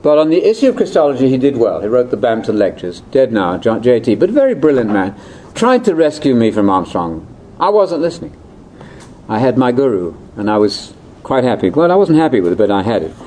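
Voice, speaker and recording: A man's voice: mid-range voice, very animated, fairly quick, warm tone, a little hiss or hum, poor audio. An older man giving a chatty, wry, ad-libbed lecture to a conference audience. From Britain. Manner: chatty, wry, with asides and laughs. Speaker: speaker at a religious conference.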